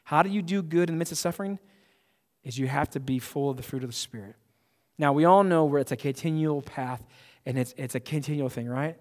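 In a church sanctuary with a strong echo, a male pastor delivers his sermon in a slightly high, somewhat mellow voice at a fairly quick clip. His preaching is emphatic and conversational, broken up by frequent restarts.

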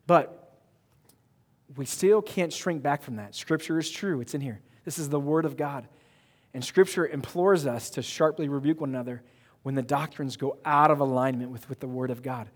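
Animated male pastor preaching in a hall. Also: mid-range voice, brisk. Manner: animated, emphatic, joking with the congregation. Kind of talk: sermon. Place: church sanctuary.

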